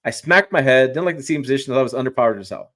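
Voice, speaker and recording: A man's voice: mid-range voice, lively intonation, racing, a bit bright. A man talking trucks as a journalist guest in a casual live-stream chat, emphatic and rambling, often restarting his sentences.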